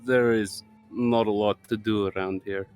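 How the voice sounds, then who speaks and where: A man's voice: on the low side, fairly even intonation, a little slow, darkish tone, smooth, soft background music, close to an everyday voice. A man voicing a towering male Goliath warrior in a tabletop game, speaking tersely and dryly.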